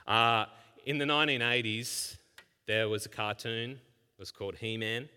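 A man preaching a sermon as pastor, firing rhetorical questions and moving between hushed scripture reading and loud emphasis. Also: lowish voice, normal speed, clear, resonant tone. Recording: long hall reverb.

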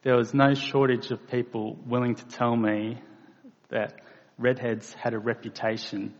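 A man delivers a sermon at an unhurried, measured pace, his voice gravelly with a touch of fry. He rises into emphatic bursts on key points. The recording is dull and lo-fi, with a long reverb tail as if in a large hall. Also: medium pitch, level tone. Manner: slow, deliberate preaching with emphatic bursts. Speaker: preacher.

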